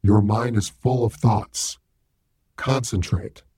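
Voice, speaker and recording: A dark, husky, low-pitched sinister presence, as a male narrator puts him on. He speaks with calm command, coaxing and ordering in an audiobook character voice. The delivery is mellow and breathy, with a dry close sound. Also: slow pace, dry recording.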